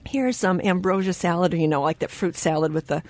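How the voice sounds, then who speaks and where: A woman hosting a radio talk show in a studio, telling stories with lively quoted voices and frequent laughter. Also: on the low side, a little fast. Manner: animated storyteller, acts out quoted voices; laughs often mid-sentence. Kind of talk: casual radio chat.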